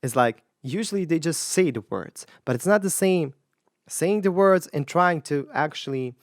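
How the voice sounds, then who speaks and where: A woman's voice: low voice, lively intonation, normal speed, no room sound, clean studio sound. A woman vocal coach talking casually while she reacts to clips and tries the exercises, often thinking aloud and hedging her opinions. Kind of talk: casual commentary with sung demonstrations.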